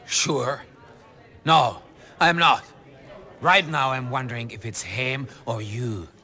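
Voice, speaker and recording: An actor playing a volatile, paranoid middle-aged crime boss who barks threats and orders. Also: male voice, mid-range voice, slow, sharp tone. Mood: menacing. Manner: menacing, erratic, barking orders.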